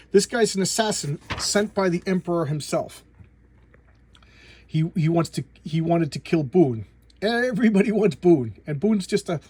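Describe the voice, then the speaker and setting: A man's voice: a little high, warm tone, husky. A man casually recapping a comic book plot, rambling with many restarts and repeated words.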